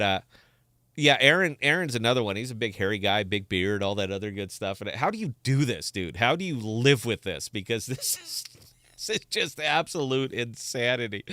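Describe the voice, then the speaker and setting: Podcast host, man in his 40s, rambles and self-mocks, bright forceful tone, smooth clean voice. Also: medium pitch, no room sound, clean studio sound. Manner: rambling, joking and self-mocking. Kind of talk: casual livestream chat.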